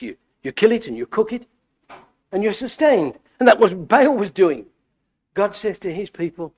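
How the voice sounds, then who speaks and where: Man, middle-aged, sermon, animated, restarts, slightly high voice. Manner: animated, wide swings in pitch and loudness, frequent stammered restarts. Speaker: visiting preacher.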